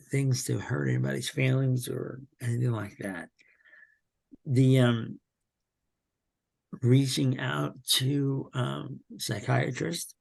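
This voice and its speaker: A man speaking slowly and haltingly as a podcast guest, with many pauses and fillers, telling his story candidly. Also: mid-range voice, creaky, darkish tone. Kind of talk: candid personal interview.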